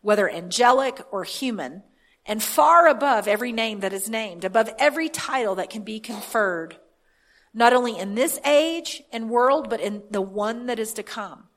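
A woman's voice: on the high side, expressive, normal speed, a bit bright. A woman pastor reading scripture aloud and preaching a sermon, building to fervent declarations. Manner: reads scripture aloud then preaches with rising fervor.

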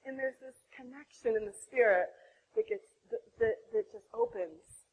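A woman in her thirties from the United States, telling a faith testimony in a sermon style, emotional and animated, laughing as she tells it. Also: high-pitched, normal speed, breathy edge, phone-quality sound. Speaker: speaker giving a testimony.

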